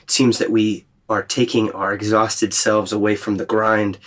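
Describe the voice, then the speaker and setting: A man leading a group retreat, teaching in a thoughtful, gently questioning way. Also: lowish voice, flat delivery, normal speed. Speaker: retreat leader. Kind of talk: reflective spiritual teaching.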